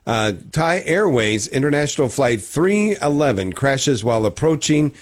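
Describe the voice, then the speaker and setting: A man's voice: mid-range voice, very animated, normal speed. A man co-hosting a casual morning radio show, reading history items with wry jokes and some stumbles. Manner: joking, wry asides; reads segments with stumbles. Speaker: radio co-host.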